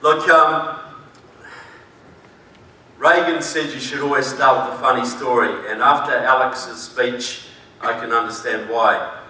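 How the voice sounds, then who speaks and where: A man with a New Zealand accent delivers an emphatic conference speech, slipping in dry jokes. His voice is bright and carries. He sounds set back from the mic, with a hall echoing heavily around him. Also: medium pitch, fairly even intonation, a little slow, a little hiss or hum. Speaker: conference speaker. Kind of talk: public speech. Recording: echoey hall, distant mic.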